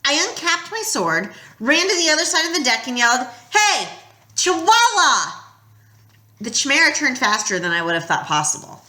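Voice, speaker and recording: A woman reading a novel aloud in first person, with expressive storytelling that drops quiet at tense moments. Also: high voice, brisk, hardly any pauses, roomy sound. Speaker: audiobook reader.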